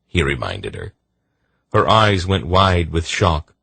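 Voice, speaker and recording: A male audiobook narrator reads in a measured, deliberate way. His voice is very deep with a husky edge. The recording is dry and close. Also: very animated, a bit bright, no room sound. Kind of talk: scripted narration.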